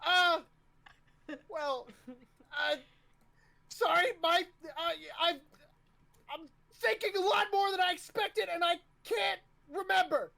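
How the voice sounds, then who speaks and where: A man's voice: very high-pitched, drawn-out words, creaky, few pauses, voice pushed up, full character voice, low-quality recording. A frantic shrieking boy cadet. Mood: flustered. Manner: stammering, yelling over himself.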